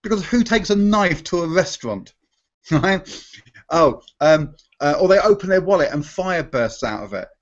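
A man's voice: a little high, expressive, moderate pace, highs cut off. A man, a magician guest in a live Q&A, talking animatedly and restarting his sentences often. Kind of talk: live Q&A chat.

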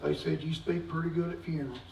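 A middle-aged man preaches with a high, gravelly voice, going from shouting to hushed, folksy asides. He is heard in an echoey church from a distance, with faint room noise. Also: steady tone, fast talker. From United States. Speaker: pastor. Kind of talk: sermon. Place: church sanctuary. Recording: echoey church recorded from afar.

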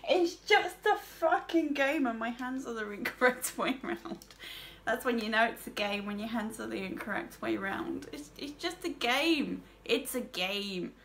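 A woman's voice: fairly high pitch, animated, unhurried, a bit bright, a little hiss or hum. A young woman, commentating on a horror game, jumpy and swearing, with nervous laughs. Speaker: gamer. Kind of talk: casual gaming commentary.

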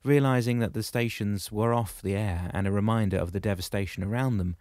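A man narrates a novel in a steady, measured way. His voice sits low. The recording is close and dry. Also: no room sound. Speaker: audiobook narrator. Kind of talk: scripted narration.

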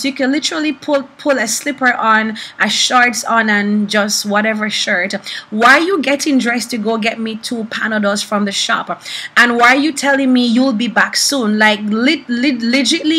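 A young woman prophetess teaching about prophecy through animated personal stories, acting out the people she quotes. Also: a little high, breathy edge, poor audio. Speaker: prophetess and preacher.

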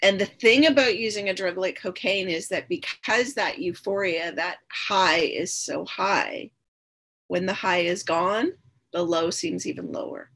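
Husky low-voiced woman telling her story. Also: a little slow, fairly bright tone. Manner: earnest, repetitive phrasing, candid and reflective. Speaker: podcast guest. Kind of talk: personal storytelling in conversation.

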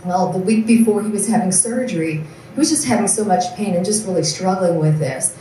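A woman nurse sharing personal testimony stories at an event, earnest and lively as she acts out what others said. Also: medium pitch, a little fast, a little hiss or hum. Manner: earnest storyteller, acts out quoted voices. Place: large event hall. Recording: echoey room from far off.

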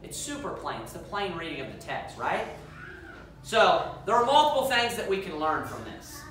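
A man's voice: high-pitched, very animated, moderate pace, background noise. A man preaching as a pastor, reading scripture aloud and putting questions to the congregation in an emphatic way. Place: church sanctuary. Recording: echoey church hall, mic far off.

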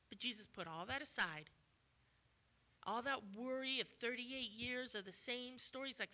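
The guest preacher's voice sits high, with lively intonation and a moderate pace. Her church sermon is emphatic, full of questions to the congregation and quoted lines acted out with sudden loud commands.

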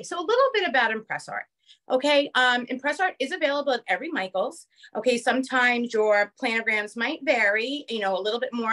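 A woman with a New York accent teaching a live online craft class over a phone camera, chatty and quick, checking in with the viewers often. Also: fairly high pitch, a bit bright. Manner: fast-talking, chatty, keeps checking in with "okay?". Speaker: craft instructor.

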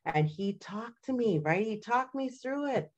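A woman's voice: on the high side, animated, unhurried, a little mellow, lo-fi sound. An older woman from Canada, an elder giving an informal teaching talk in a storytelling way, often checking in with "right?" and "you know". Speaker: community elder.

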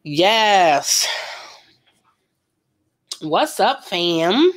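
Lively laughing woman gossiping while painting. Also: fairly low pitch, very slow. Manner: slangy, laughs a lot, animated storytelling. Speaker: art vlogger painting live.

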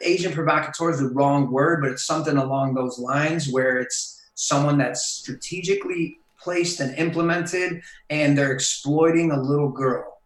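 A man, a guest on a podcast in casual conversation, opinionated and emphatic, often slowing down to stress his points. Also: on the high side, roomy sound, poor audio.

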